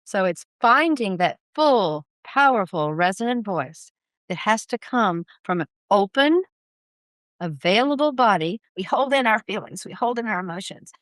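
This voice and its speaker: A woman voice coach speaking in a podcast interview, with an expressive, emphatic teaching delivery. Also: mid-range voice, normal speed, no room sound. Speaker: voice coach guest.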